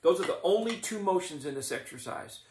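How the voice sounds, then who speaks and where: A middle-aged man teaching drumline warm-ups, explaining each exercise in a methodical, encouraging coaching manner. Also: sits high, expressive, a little fast, over music. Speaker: drumline instructor. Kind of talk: instructional demonstration. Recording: echoey room, mic at a distance.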